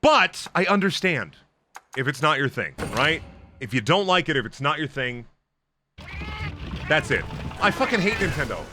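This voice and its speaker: A man's voice: on the high side, very animated, moderate pace, pauses often, over music. A young man streaming, ranting emphatically and swearing heavily in casual talk.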